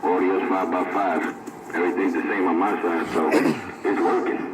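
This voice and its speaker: A man's voice: low voice, little pitch movement, moderate pace. Man on a static-heavy CB radio. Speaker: CB radio operator. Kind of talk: casual CB radio chat. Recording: loud static over CB radio.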